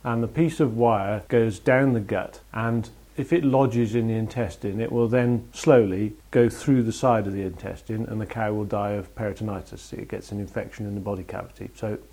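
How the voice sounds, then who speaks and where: A man, a farmer on a podcast, calmly explaining a topic in a matter-of-fact way. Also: fairly low pitch, normal speed, hardly any pauses. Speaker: farmer and regular guest. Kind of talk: casual explanation.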